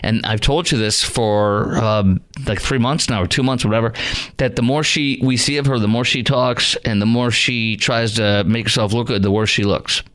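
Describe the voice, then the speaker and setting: A man's voice: mid-range voice, fairly bright tone. Rambling, opinionated male radio host. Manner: rambling, rapid, with many fillers. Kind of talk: opinionated talk radio monologue.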